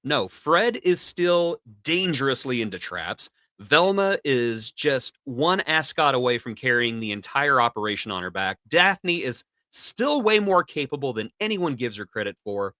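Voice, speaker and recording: A man co-hosts a podcast and recaps an episode with theatrical, jokey enthusiasm. His pitch swoops widely. His voice has a bright edge and sits close on a dry mic. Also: big pitch swings, a little slow, hardly any pauses, dry recording. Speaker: podcast co-host.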